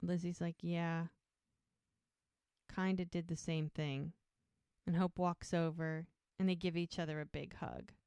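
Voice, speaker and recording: A woman's voice: on the low side, level tone, unhurried, long pauses, warm tone, clean tone, no echo. A woman co-hosting a podcast, casually recapping a TV episode and retelling each scene while quoting the characters. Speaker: podcast co-host.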